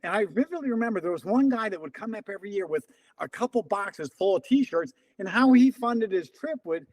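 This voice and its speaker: A man's voice: high voice, a little fast, no room sound, poor audio. A man around seventy, a former runner interviewed as a guest, telling stories and acting out the lines of the people in them. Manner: animated storyteller who acts out quoted dialogue. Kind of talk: casual storytelling interview.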